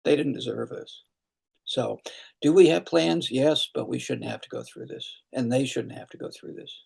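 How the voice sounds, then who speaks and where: Gravelly, husky older man. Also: medium pitch, darkish tone, poor audio. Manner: earnest, halting, with many restarts and fillers. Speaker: congressman hosting a town hall. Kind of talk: answering questions at a virtual town hall. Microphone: video call.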